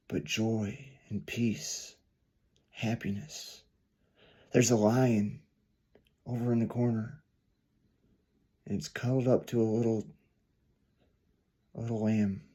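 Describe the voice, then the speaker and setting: A man preaching a storytelling sermon, earnest, swelling louder then dropping soft. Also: lowish voice, steady tone, takes it slowly, long pauses, husky.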